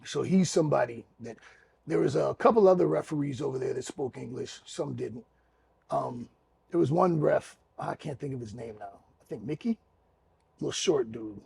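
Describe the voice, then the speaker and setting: A middle-aged man co-hosting a podcast, telling stories in casual chat, animated and swearing freely. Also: medium pitch, moderate pace, creaky, slight background noise. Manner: animated, acts out quotes loudly, laughs, profanity. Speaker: podcast co-host, former wrestler.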